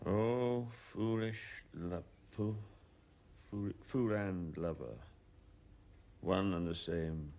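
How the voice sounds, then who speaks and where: Rambling self-talker, very deep gravelly voice, slow, dark tone, faint music, TV drama. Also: male voice, heavily acted. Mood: musing. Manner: slow, musing, muttering to himself. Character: rambling, muttering man talking to himself. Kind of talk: TV drama acting.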